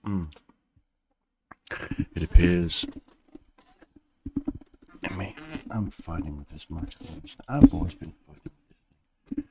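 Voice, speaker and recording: A man hosting a gaming channel, chatting casually in a vlog with a deep, groggy morning voice, short on sleep and rambling with dry asides. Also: measured pace, long pauses, very noisy.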